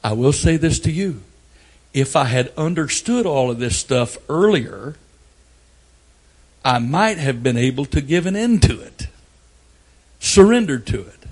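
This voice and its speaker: An older man preaching a sermon, telling folksy family stories and breaking into loud outbursts. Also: medium pitch, slightly rough. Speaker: pastor.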